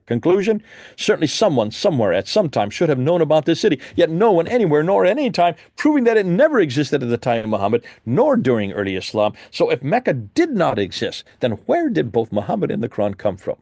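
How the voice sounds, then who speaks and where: A man's voice: creaky, no room sound, studio quality. A man giving an emphatic lecture presentation with slides, asking the audience rhetorical questions. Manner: emphatic, rhetorical questions, animated swings in pitch. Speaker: Christian apologist presenter.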